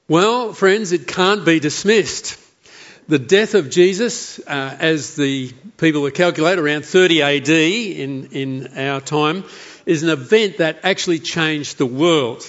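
A man reading scripture and then preaching a sermon in an earnest, measured way. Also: on the high side, lo-fi sound. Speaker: pastor. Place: church.

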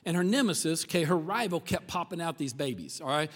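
A man's voice: a little high, expressive, fast. A man preaching a sermon in a chatty, conversational way, often checking in with the listeners. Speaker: pastor. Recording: long hall reverb.

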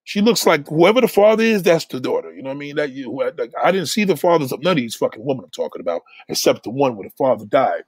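A man's voice: medium pitch, sing-song, quick pace, hardly any pauses, husky, no room sound. A man talking in a blunt, heated rant, swearing often and repeating himself as he presses a point. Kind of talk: casual opinionated rant.

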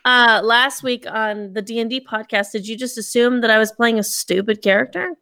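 A woman's voice: fairly high pitch, normal speed, bright, forceful tone, dry recording, clean studio sound. A woman in casual podcast chat, wry and blunt, swearing offhandedly. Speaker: podcast co-host.

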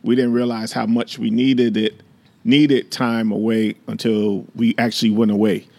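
A gravelly, slightly creaky man in his fifties co-hosts a podcast with his wife. He talks in a loose, joking way and teases her between points, and he sounds relaxed and familiar. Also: mid-range voice, moderate pace. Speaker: podcast co-host. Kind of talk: casual chat.

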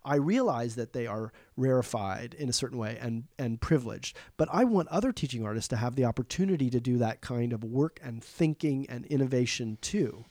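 Mellow-voiced man thinking aloud. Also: medium pitch, brisk, few pauses, no room sound, clean studio sound. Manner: reflective, thinks aloud with frequent "you know" and "like". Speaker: arts education administrator. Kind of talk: casual conversation.

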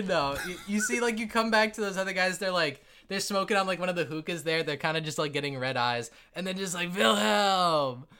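Bright-voiced rambling game master. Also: male voice, high-pitched, fast, hardly any pauses, clean tone. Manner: rambling, filler-heavy, laughing often. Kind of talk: narrating a tabletop game.

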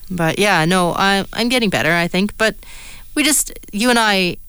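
A woman's voice: mid-range voice, moderate pace, a bit bright, clear, resonant tone, no echo. A woman co-hosting a radio talk show, chatting casually with her brother and often trailing off mid-sentence. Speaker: radio co-host. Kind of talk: casual chat.

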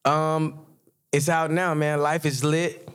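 A man's voice: a little high, flat delivery, takes it slowly, fairly bright tone, clean tone. A young adult man, a rapper chatting loosely as a podcast guest, full of slang and fillers. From Jacksonville, Florida. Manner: laid-back, loose slang, many fillers. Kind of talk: casual interview chat.

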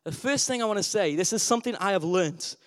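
High-voiced preacher, emphatic. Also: male voice, expressive, quick pace. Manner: call-and-response questions, emphatic repetition. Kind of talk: lively sermon.

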